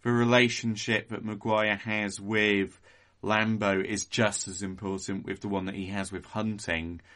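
Lower-voiced man, bright and analytical. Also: little pitch movement. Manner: measured, analytical, with frequent "kind of" and "um". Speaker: podcast co-host. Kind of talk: casual film discussion.

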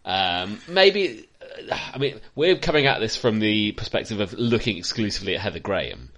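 A sardonic film-podcast co-host reviews movies casually, slipping into silly voices to reenact scenes. His voice runs on the low side yet fairly bright, swinging widely in pitch at a moderate pace.

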